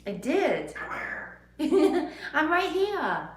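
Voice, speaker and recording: A woman's voice: high-pitched, big pitch swings, extremely slow. Playful giggly woman chatting with her bird. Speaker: pet parrot owner and channel host. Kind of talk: casual chat with her pet bird. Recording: roomy echo.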